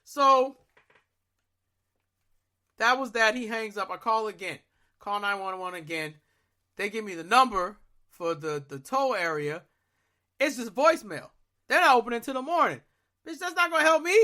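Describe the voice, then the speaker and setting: A young podcast host with a bright, sharp voice tells a story in loose, casual chat. He swears freely and jumps into loud, exasperated rants. The delivery is animated and full of attitude. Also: sits high, normal speed.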